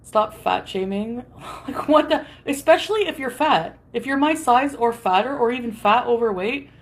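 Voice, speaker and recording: A woman's voice: a little high, expressive, moderate pace, rough recording. Chatty woman rambling while cooking. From Canada. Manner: rambling and chatty, giggles between remarks. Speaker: live streamer. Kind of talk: casual cooking live stream chat.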